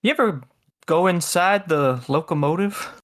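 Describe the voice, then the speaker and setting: A man playing a smooth, coaxing con man. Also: a little high, expressive, unhurried, voice pushed up. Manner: coaxing, pushy. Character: smooth-talking male con man, wheedling. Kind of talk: tabletop role-play voicing.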